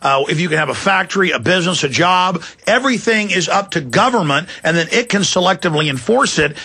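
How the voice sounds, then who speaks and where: A male talk radio host rants with fierce urgency and breaks into shouts. His voice is bright, a bit husky and pitched on the high side. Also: expressive, fairly quick, hardly any pauses. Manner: fiery, ranting, shouting at times.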